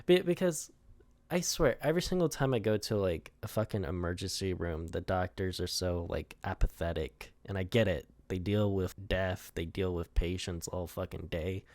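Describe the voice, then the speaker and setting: Low-voiced young man rambling and laughing. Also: moderate pace, a little mellow, no echo. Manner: rambling and laughing often, swearing, heavy use of "like". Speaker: animator walking through his storyboards. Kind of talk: casual storyboard commentary.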